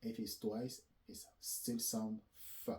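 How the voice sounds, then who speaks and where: Slow, mellow-voiced French teacher man. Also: lowish voice, lively intonation, rough recording. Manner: slow, repetitive, spells out letters and self-corrects. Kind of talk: slow classroom explanation.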